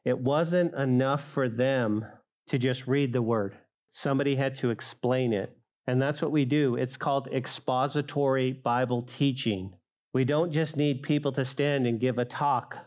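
A middle-aged male pastor preaching a sermon, speaking straight to the congregation and rising loud for emphasis. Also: mid-range voice, steady tone, unhurried. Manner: acts out quoted voices of listeners.

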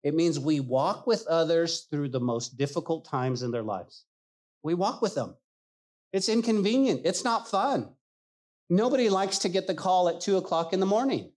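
A man preaching a sermon as pastor, animated and emphatic, acting out the people he quotes. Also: on the high side, normal speed.

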